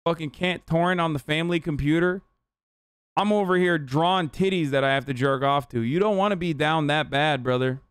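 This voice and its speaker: A man's voice: a little high, smooth, no echo. Ranting profane male streamer, clean voice. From Turkey. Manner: profane, ranting, talks straight to chat. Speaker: streamer reacting to a video. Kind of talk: casual live-stream commentary.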